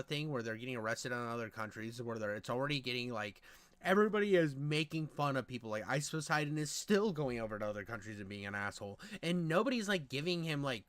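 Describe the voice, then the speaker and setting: A man's voice: medium pitch, a bit bright, no room sound. A man doing casual reaction commentary, rambling, crude and exasperated. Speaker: reaction streamer.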